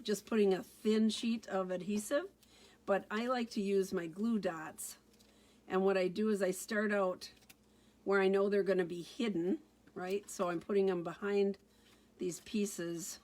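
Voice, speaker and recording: A woman's voice: medium pitch, darkish tone. A woman giving a casual card-making tutorial, chatting through each step as she works.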